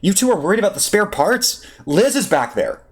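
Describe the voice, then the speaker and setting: An eager, brash young pilot, voiced by a man reading aloud. The voice sits higher than the reader's own and calls out loud and earnest. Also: very animated, a little fast, breathy edge, full character voice.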